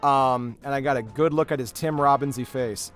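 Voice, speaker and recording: A man's voice: mid-range voice, normal speed, a bit bright, faint music behind. A young man in casual chat on a game stream, rambling through anecdotes with lots of filler. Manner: rambling storyteller, swears heavily when riled up. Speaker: streamer and voice actor.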